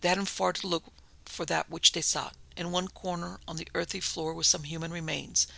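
A man narrating a gothic story in a steady, plain reading voice. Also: fairly high pitch, moderate pace, gravelly, low-quality recording. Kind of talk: audiobook narration.

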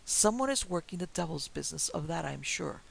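An excitable little French detective with a French accent bursts out in quick, formal exclamations, as a man acts him out. The voice sits a touch high, with a gravelly edge. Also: slight background noise, rough recording. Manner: impetuous, exclamatory, formal phrasing.

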